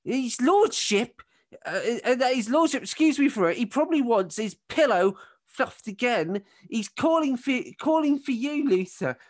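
A man voicing a farmer's wife with a shrill, nagging voice. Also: animated, measured pace, full character voice.

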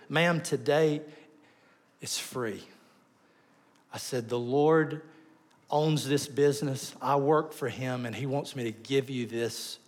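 Animated preacher, loud then hushed. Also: male voice, mid-range voice. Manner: animated storytelling, swings between loud bursts and soft asides. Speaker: pastor. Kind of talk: sermon.

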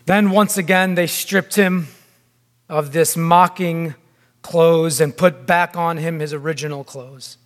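A man preaching a sermon in a deliberate, emphatic way, with long pauses between phrases. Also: a little high, fairly even intonation. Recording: long hall reverb.

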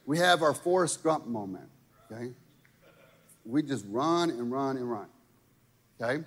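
Casual preacher in a reverberant hall. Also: male voice, mid-range voice, animated, a little slow, breathy edge. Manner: conversational preaching with frequent rhetorical "right?" and "okay?". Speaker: pastor. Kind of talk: sermon.

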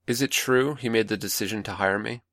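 A man voicing a sharp-tempered woman scientist, brisk and defensive, in a dry close recording. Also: on the low side, no room sound, pitched above the performer's own voice. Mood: curt.

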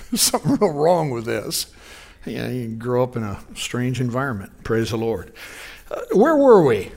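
A man's voice: medium pitch, sing-song, a little slow, gravelly, long pauses, a little mellow. A man in his sixties preaching a conversational sermon, folksy, telling personal stories and asking the congregation questions. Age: 60s. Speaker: pastor.

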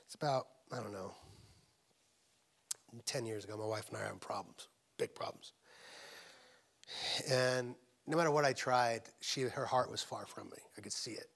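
A middle-aged man preaches in a husky, slightly breathy voice, his pitch sitting in the middle range. He tells his stories the way you'd talk to a friend and sometimes sinks to a hushed whisper for emphasis. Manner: conversational storytelling, drops to a hushed whisper for emphasis. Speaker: pastor. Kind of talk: sermon. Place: church.

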